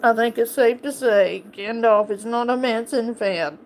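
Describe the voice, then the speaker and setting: A woman's voice: on the high side, unhurried, darkish tone, a little hiss or hum. A woman streamer chatting casually and playfully teasing her pet on a live stream.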